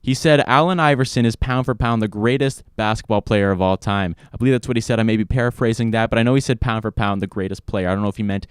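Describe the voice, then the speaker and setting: A man's voice: lowish voice, fast talker, hardly any pauses, clear, resonant tone, no room sound. A young man hosting a sports talk show in a studio, speaking with enthusiastic emphasis.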